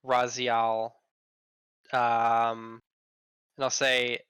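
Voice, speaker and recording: A man playing a tabletop game, relaxed and thinking aloud with fillers. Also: medium pitch, takes it slowly, smooth, dry recording. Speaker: player. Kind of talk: casual tabletop play.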